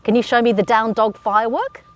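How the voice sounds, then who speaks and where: A woman's voice: on the high side, brisk, dry recording, lo-fi sound. An Australian woman leading a children's yoga class in an encouraging, sing-song way, with playful animal sounds. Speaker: kids yoga teacher.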